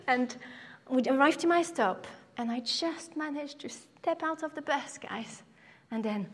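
A young woman gives a sermon as a personal story. She speaks animatedly in a fairly high voice. She jumps up into higher voices to act out the people in her tale. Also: normal speed, long reverb tail. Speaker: preacher.

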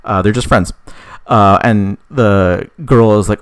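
A man casually telling a made-up story, rambling with many fillers, swearing, and voicing the characters' lines in a higher pitch. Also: measured pace, smooth.

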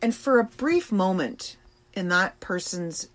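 Slow, soft-spoken woman podcaster. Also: mid-range voice, expressive. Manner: slow, reflective and emotional, with pauses and fillers. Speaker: podcast host. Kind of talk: personal podcast monologue. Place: trailer in a backyard.

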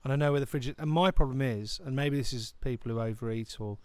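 A man's voice: medium pitch, fast, a little mellow, dry recording. A man co-hosting a casual comedy chat over a video call, a rambling storyteller who mocks himself and laughs often. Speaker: co-host.

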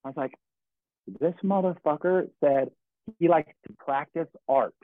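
A man's voice: a little high, measured pace, dry recording. A middle-aged man from California telling stories in casual chat, rambling and swearing with many restarts. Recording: tinny phone-like dry sound.

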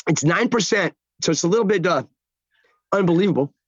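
Excitable older man rambling fast. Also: high-pitched, husky, no echo, muffled recording. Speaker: actor, guest. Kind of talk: casual chat. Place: outdoors by a lake.

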